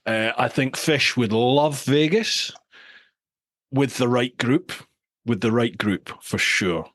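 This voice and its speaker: A man's voice: lowish voice, fairly bright tone, dry recording. A man from the UK hosting a casual podcast chat, reading out listener questions with plenty of banter and laughter. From United Kingdom. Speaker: podcast host.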